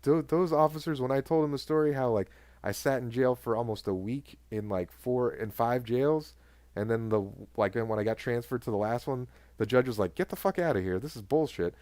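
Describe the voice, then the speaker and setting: A man's voice: mid-range voice, moderate pace, dry recording. A man co-hosting a podcast, casually telling stories and swearing a lot. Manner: swears often, animated retelling of cop stories. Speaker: podcast co-host. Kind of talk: casual chat, storytelling.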